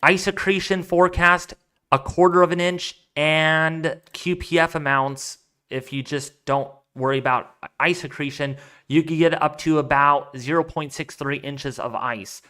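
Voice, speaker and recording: A man talks his way through a casual weather live stream, rambling and thinking out loud as he answers viewers. His voice sits a little on the high side and comes through smooth and clear. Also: steady tone, unhurried. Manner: chatty and rambling, thinking aloud. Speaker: weather livestream host. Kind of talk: casual live-stream chat reading donations.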